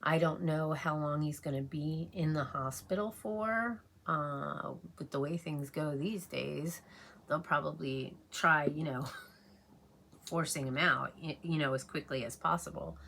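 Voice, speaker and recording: Middle-aged woman, low and gravelly, chatting haltingly and emotionally in a home get-ready-with-me vlog. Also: fairly bright tone. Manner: rambling, halting, many fillers and restarts. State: emotional, close to tears. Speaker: beauty vlogger. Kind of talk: casual chat while getting ready.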